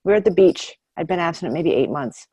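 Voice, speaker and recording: A woman in her fifties speaks openly and with feeling at a support meeting. Her voice is low-set and mellow. The sound is dry and close, as on a video call. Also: lively intonation, fast, slightly rough, no echo. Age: 50s. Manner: heartfelt, emotional, candid. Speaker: meeting member sharing. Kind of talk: twelve-step share.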